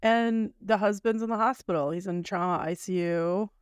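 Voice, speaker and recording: A woman in her thirties from the United States, co-hosting a casual podcast and retelling a story with lively acted-out asides. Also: mid-range voice, moderate pace, clean tone, no echo, studio quality. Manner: animated storyteller, acts out quoted lines. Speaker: podcast co-host.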